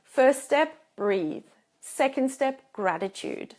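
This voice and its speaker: A woman with a fairly high voice coaches viewers straight into her own camera. She talks in an emphatic, encouraging way and repeats words for stress. She slips into anxious made-up inner voices to make her points. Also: lively intonation, slow, a little mellow. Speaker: life coach. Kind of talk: motivational talk to camera. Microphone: self-filmed camera.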